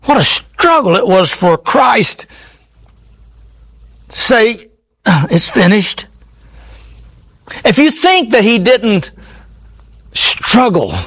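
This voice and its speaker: A man's voice: high-pitched, a bit bright, breathy edge. A man preaching a sermon in an earnest, pleading way, often repeating his words.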